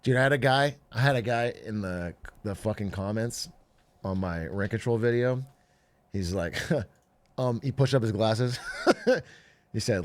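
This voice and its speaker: Speaking with a fairly low pitch, a little slowly and with long pauses, a male livestreamer chats casually with viewers, cursing and delivering animated, jokey rants.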